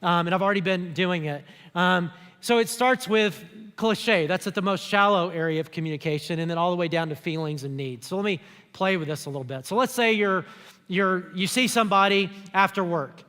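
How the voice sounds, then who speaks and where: Pastor, man, high voice, easygoing sermon style, big church reverb. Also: brisk, a bit bright, smooth. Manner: conversational preaching, acts out quoted speech. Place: church auditorium.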